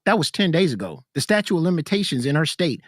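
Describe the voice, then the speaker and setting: Confrontational male co-host, high-pitched, repetitive interrupter, dry close mic. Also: big pitch swings, fast talker, no room sound. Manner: confrontational, repeats himself to interrupt. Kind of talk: heated casual debate.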